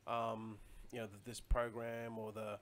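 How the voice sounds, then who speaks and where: A man's voice: fairly low pitch, level tone, a little slow, fairly bright tone, slight background noise. A man chatting casually on a live stream, rambling loosely and answering viewer comments as he goes.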